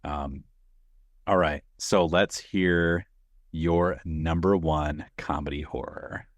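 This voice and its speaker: A man co-hosting a casual podcast chat, easygoing and quick to agree. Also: a bass voice, steady tone, no echo, muffled recording. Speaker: podcast co-host.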